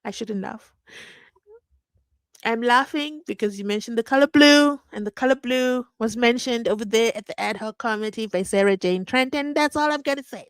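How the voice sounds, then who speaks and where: Her voice runs on the high side, smooth and at a moderate pace, with no echo. She's a true crime channel host from South Africa, casually chatting on a live stream, reading comments from viewers, and frequently laughing through mock-incredulous questions.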